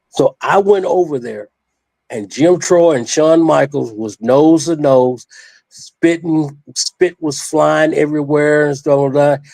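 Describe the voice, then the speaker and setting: A man's voice: on the high side, gravelly, dark tone, dry recording. An older man, a retired wrestler, tells a long story as a guest in a studio interview. He rambles and stresses his points, restarts often and repeats his phrases.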